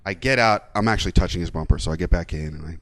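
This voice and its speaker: A man's voice: deep voice, very fast, dry recording. A man co-hosting a podcast, telling a rant story with lots of swearing and acted-out quotes. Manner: animated storyteller, swears freely, acts out quotes. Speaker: podcast co-host. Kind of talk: casual chat.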